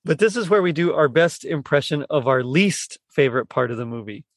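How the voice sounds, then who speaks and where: A man hosting a casual movie podcast, talking in a rambling, halting way with lots of fillers and restarts. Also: on the high side, animated, no room sound, studio quality. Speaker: podcast host.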